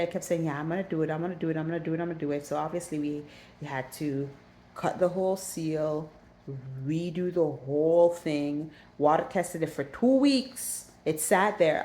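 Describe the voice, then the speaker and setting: A woman vlogger casually telling a story from her own life, animated and repeating herself as she recounts the panic. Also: on the low side, gravelly. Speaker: aquarium hobbyist vlogger.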